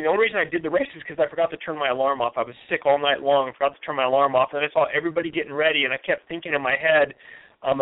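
A man's voice: on the high side, dry recording. A man talking earnestly and reflectively in a conversational interview, often restarting his sentences. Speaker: guest. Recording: tinny phone-line audio, dry.

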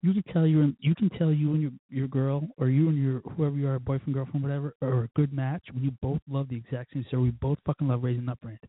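In a casual solo podcast monologue, the male host rambles, curses, mimics voices, and adds sound effects. He speaks fast in a mid-range voice with a breathy edge. The audio has no echo but sounds tinny and phone-like, in lo-fi quality.

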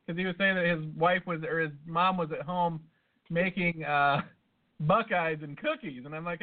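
A man's voice: high voice, expressive, moderate pace. A man co-hosting a podcast, telling a long rambling story in casual chat, full of swearing and asides. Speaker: podcast co-host. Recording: tinny phone-like sound.

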